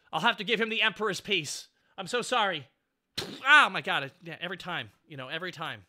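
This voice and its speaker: An excitable man in his thirties hosts a casual stream chat, with a high, very bright and forceful voice. He gushes, thanks people and breaks into sudden yelps. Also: brisk. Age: 30s. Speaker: streamer host.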